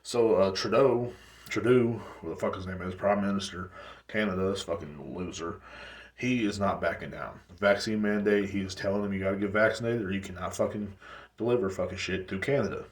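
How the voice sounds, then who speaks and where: A man's voice: low-pitched, fairly quick, distant mic. A man hosting a solo podcast, ranting in a profane, rambling way with frequent restarts. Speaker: podcast host. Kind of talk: casual solo podcast rant. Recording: echoey room, off-mic.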